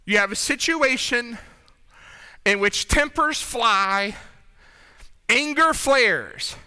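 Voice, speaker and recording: Preaching a sermon in a church sanctuary, a man speaks in a very high, very bright voice that is smooth and clear, with lively intonation and a slow pace. His tone is conversational, and he keeps checking in with the congregation while a long reverb trails after him in the hall.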